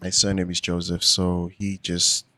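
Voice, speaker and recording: A man co-hosting a podcast, teasing the others with quick interjections. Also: deep voice, monotone, sharp tone. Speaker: podcast co-host. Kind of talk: casual podcast banter.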